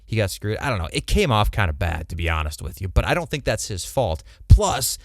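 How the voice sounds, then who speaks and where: A man co-hosting a podcast, chatting casually and animatedly, swearing and slipping into quick mock voices. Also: fairly low pitch, very animated, dry recording, studio quality. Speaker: podcast co-host. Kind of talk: casual chat.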